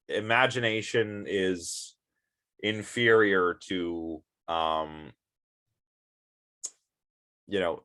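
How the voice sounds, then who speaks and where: A man with a fairly low voice gives a casual philosophy lecture to his students. He sounds sleepy and rambles, leaning on lots of fillers and little asides. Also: a bit bright. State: sleepy, yawning.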